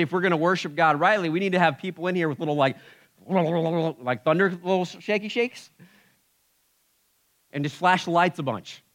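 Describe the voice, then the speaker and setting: A man preaching a sermon in an animated way, acting out the cries he describes. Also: on the high side. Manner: animated, acts out the creatures' cries. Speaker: pastor.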